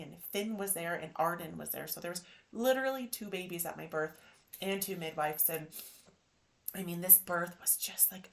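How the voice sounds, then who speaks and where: A woman in her thirties, hosting a podcast and telling a personal story in an animated, emotional way. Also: lowish voice. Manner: emotional, animated retelling with acted quotes. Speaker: podcast host.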